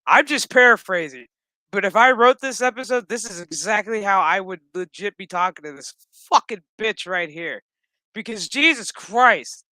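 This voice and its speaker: A show recap YouTuber with a high, bright, forceful voice rants loosely and profanely about a TV episode, tossing in blunt, sarcastic, exasperated asides. He's animated at a moderate pace, recorded dry and close with no room sound.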